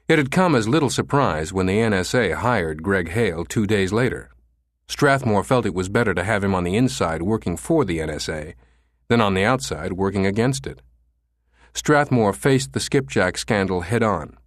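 A man narrating an audiobook in a measured, even reading style. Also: on the low side, no room sound, studio quality. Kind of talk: scripted narration.

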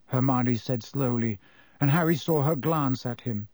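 A man reading a novel aloud as audiobook narrator in measured storytelling. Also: mid-range voice, a little mellow, no echo. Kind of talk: scripted narration.

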